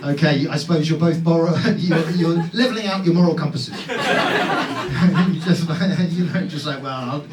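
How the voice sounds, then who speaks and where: A male stand-up comedian doing crowd work, teasing audience members in a quick, playful way with frequent laughs and restarts. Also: a little high. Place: comedy club stage. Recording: roomy live club sound, distant mic, loud crowd noise.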